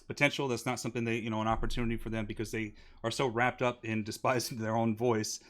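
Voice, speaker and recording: A man's voice: medium pitch, level tone, quick pace, a bit bright. A man hosting a casual interview, enthusiastic and laughing often as he talks. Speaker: interview host.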